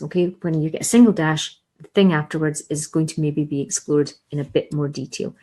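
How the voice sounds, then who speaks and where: A woman leads an English revision lesson in a mellow, slightly low voice. She explains patiently, circles back to key points and asks her listeners rhetorical questions. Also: low-quality recording. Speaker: English teacher.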